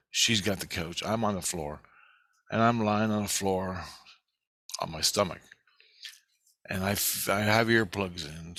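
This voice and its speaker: A man's voice: sits low, bright, forceful tone, no room sound. A man telling a rambling personal story in a casual, profane way.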